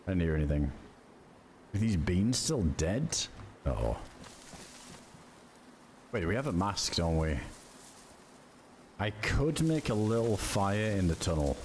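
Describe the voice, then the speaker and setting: A man's voice: deep voice, very animated, unhurried, pauses often, darkish tone, slight background noise. A young man streaming a survival game, chatting casually with viewers, reading chat aloud and swearing offhandedly. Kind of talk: casual live-stream chat while gaming.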